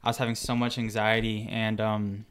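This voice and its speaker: A young man hosting a casual conversation. His voice is bright and crisp, and he speaks openly and candidly about his own struggles. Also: fairly low pitch, completely flat delivery, normal speed. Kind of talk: casual chat.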